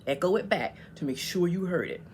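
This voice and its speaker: A woman's voice: lowish voice, lively intonation, a little fast, a little mellow, slight background noise. A woman vlogger giving casual, emphatic advice on communication, often checking in with "okay?".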